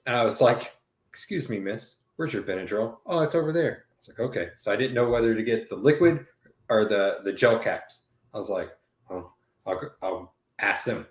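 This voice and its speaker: A man telling a long, profane story in casual chat, rambling and animated as he acts out what people said. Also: on the low side, moderate pace. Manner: profane, rambling, animated retelling with quoted dialogue. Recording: roomy echo.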